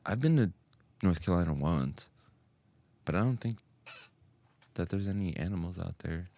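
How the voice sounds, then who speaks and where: A man's voice: low-pitched, expressive, normal speed, creaky, warm tone. A man co-hosting a podcast in casual comedic chat, laughing a lot and riffing on jokes. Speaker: podcast co-host.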